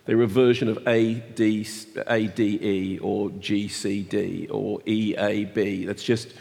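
A man in his sixties co-hosting a podcast, quick, playful and self-mocking in casual chat. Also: fairly low pitch, flat delivery, gravelly, darkish tone, big-room sound. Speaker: podcast co-host.

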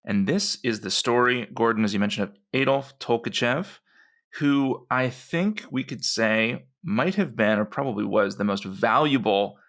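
A man co-hosting a podcast, telling a story in an enthusiastic, animated way. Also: medium pitch, normal speed. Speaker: podcast co-host.

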